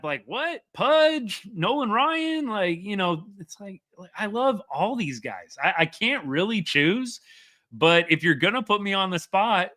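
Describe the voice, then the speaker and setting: A man, hosting a casual live sports chat as an excitable, rambling fan. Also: fairly high pitch. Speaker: sports podcast host.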